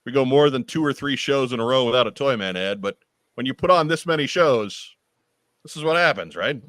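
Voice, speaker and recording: A man hosting a podcast in casual chat, reading event details with wry, deadpan asides. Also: medium pitch, brisk, no room sound. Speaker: podcast host.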